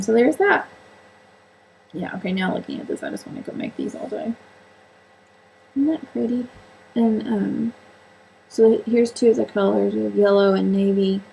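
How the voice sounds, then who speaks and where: A woman with a medium-pitched, creaky, dark and slightly rough voice, captured in dull audio, chats on her own vlog about sewing and books. She rambles, jokes at her own expense, and uses lots of fillers in this casual solo talk.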